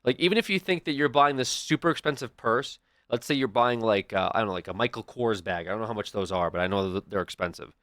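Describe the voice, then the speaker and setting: Fast and fairly low in pitch, a young man's slightly bright voice carries casual stream chatter, rambling stories that keep restarting and drifting into asides. The sound is dry and studio-clean.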